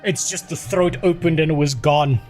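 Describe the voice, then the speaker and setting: A man's voice: on the high side, moderate pace, darkish tone, soft background music. A man livestreaming from a small room at home, chatting casually, rambling and swearing and mocking himself, a little queasy after being sick. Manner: profane, rambling and self-mocking.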